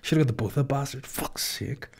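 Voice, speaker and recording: A man's voice: medium pitch, brisk, creaky, breathy edge. A man voicing a vengeful masked male killer in whispered role-play, muttering curses under his breath. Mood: grumbling. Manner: muttered, sweary whispered grumbling.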